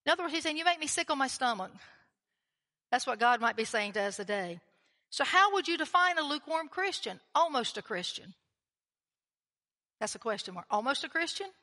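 A woman's voice: sits high, very animated, a little fast, pauses often, pushed and bright. A woman preaching a sermon in a chatty, conversational way, often putting questions to the congregation. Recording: long hall reverb.

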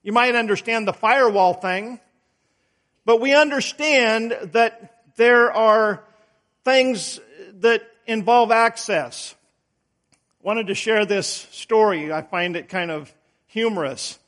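Slow-paced and high-pitched, a middle-aged preacher's slightly bright voice carries a sermon full of homey storytelling. He leans on emphatic rises to stress his words.

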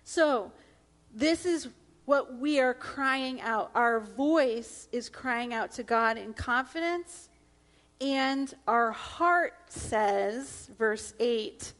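A middle-aged woman pastor preaching a sermon in an earnest, emphatic manner, sometimes dropping to a hush. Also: on the high side, extremely slow.

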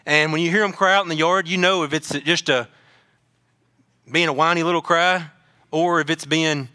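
A man preaching a sermon, animated, joking at times and often repeating words. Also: fairly high pitch, moderate pace, pauses often, clean tone. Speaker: pastor.

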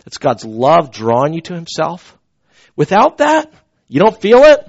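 A high-pitched man delivers a sermon from the pulpit, talking in a loose, conversational way that turns animated as he tells the story. The sound is muffled and lo-fi, like an older church recording. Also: measured pace. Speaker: pastor.

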